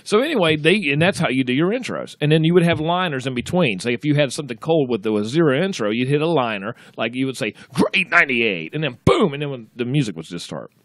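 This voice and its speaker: A man hosting a casual podcast, a former radio DJ telling stories with restarts and throat clearing. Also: mid-range voice, fast, hardly any pauses, no echo. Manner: animated storytelling, frequent restarts and throat clearing. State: slightly choked up.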